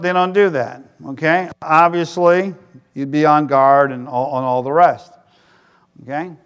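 Middle-aged male pastor with a high voice, chatty sermon delivery and loud emphatic bursts. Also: smooth. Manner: conversational, joking, rising to loud emphatic peaks.

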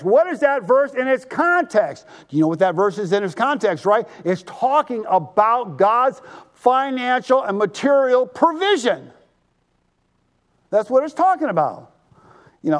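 Animated male pastor preaching. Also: high-pitched. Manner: animated, drawing the congregation to respond. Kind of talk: sermon.

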